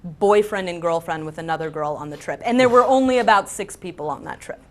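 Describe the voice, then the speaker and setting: A woman's voice: lowish voice, a little fast. Laughing woman telling a story. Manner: laughing, relaxed delivery. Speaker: celebrity game show contestant. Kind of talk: casual anecdote telling.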